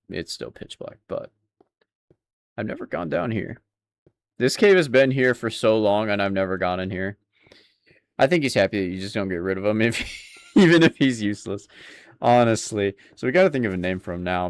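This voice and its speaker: Here a young guy streams a game and chats loosely with his audience, relaxed and laughing a lot. His voice sits on the low side, moves a little fast, and has a lively, bouncing intonation.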